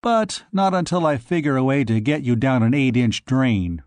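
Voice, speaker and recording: A man's voice: mid-range voice, lively intonation, moderate pace, darkish tone, smooth, no echo, close to an everyday voice. A man reading an audiobook, voicing a blunt, sardonic man who mocks others without smiling. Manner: blunt and mocking. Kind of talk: audiobook character voice.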